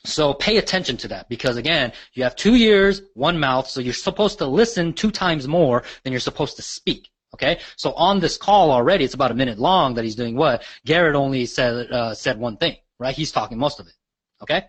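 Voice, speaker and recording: A man's voice: medium pitch, lively intonation, brisk, slightly rough. A man coaching real estate agents in a webinar, breaking down a recorded sales call and tagging nearly every sentence with "right?". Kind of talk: teaching a webinar.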